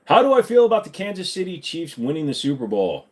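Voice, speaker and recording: A man's voice: on the high side, huge pitch swings, quick pace, a little mellow. A man hosting a casual live-stream Q&A, joking around and swearing freely while he answers chat. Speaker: livestream host.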